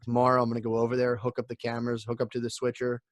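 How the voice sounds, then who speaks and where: A man's voice: mid-range voice, completely flat delivery, very fast, dry recording. A young man co-hosting a podcast, chatting in an upbeat, rambling way and saying "dude" often. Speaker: podcast co-host. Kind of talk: casual podcast banter.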